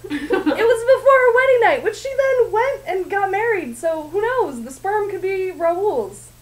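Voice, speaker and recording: A woman's voice: very high-pitched, very animated, a little slow, low-quality recording. A young woman casually and sarcastically recapping a story for her roommates, often laughing and rambling. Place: home at night.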